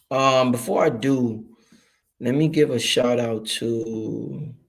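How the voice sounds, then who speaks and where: This gravelly, mid-range voice belongs to a Brooklyn, New York streamer running a casual broadcast. Profane and animated, he works through the chat out loud, replying to viewers directly with a streetwise edge.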